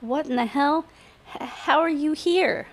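A woman's voice: sits high, measured pace, pitched above the performer's own voice. A woman reading aloud, voicing a hungover young man who protests in alarm and blusters while cornered.

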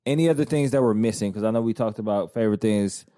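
A man's voice: lowish voice, quick pace, warm tone. A man in his thirties from the American South, hosting a casual chat and telling loose, rambling stories full of restarts. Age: 30s.

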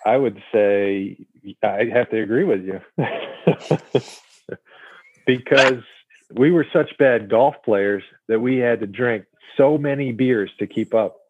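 A young man appearing as a podcast guest, trading quick jokes in an easygoing, casual chat. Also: mid-range voice, no echo, narrow, tinny audio. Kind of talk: casual chat over drinks.

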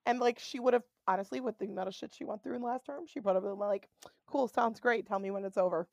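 A woman co-host in casual chat, animated and sarcastic, mockingly quoting characters. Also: medium pitch, quick pace, creaky, dry recording. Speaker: podcast co-host.

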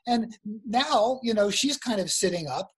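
A man's voice: high-pitched, animated, measured pace, breathy edge. A man being interviewed as an author over a video call, telling a story in a chatty, laughing way. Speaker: guest author. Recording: video call audio over weak wifi.

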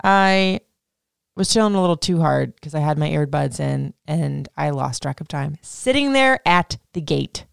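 A woman host with a lowish, gravelly voice that still sounds smooth and clear. She tells her story in a loose, rambling way, swearing freely and leaning on "like". The sound is close and dry, with no room around it. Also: animated, moderate pace, dry recording. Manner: rambling, profane, heavy use of "like". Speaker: podcast host. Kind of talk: casual personal storytelling.

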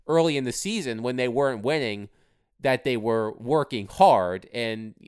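A young adult man co-hosting a sports podcast in casual chat, animated, with bursts of a mocking high put-on voice. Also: a little slow, clean tone, no room sound, clean studio sound. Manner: animated, mocks fans in a high whiny put-on voice.

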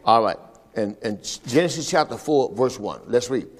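Preaching at a church service, the pastor speaks with a medium-pitched, animated voice at normal speed, and a long reverb tail follows his words. He leads the congregation in call-and-response, saying "all right" again and again.

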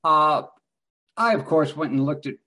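Slow-talking, wry male guest. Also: fairly high pitch, expressive, bright, forceful tone. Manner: slow, wry, self-deprecating. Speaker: actor, guest. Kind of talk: casual interview.

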